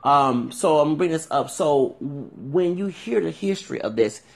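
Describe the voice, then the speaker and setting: A man's voice: on the high side, animated, normal speed, gravelly. A man from Houston hosting a podcast, talking in a rambling monologue and often tagging "okay?" onto his points. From Houston, Texas. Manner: digressive, repeats "okay?". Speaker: podcast host.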